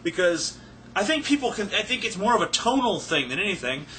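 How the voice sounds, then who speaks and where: A man's voice: high voice, big pitch swings, brisk, sharp tone, slight background noise. A man ranting profanely and sarcastically to camera as he answers viewer questions, rambling and a little drunk. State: tipsy, not sober. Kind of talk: casual rant to camera.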